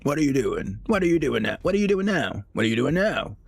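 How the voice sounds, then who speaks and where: A man's voice: a little high, very animated, quick pace, creaky, breathy edge, dry recording, pitched above the performer's own voice, heavily acted. A man mimicking a hovering parent who keeps firing suspicious, repetitive questions. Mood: nagging.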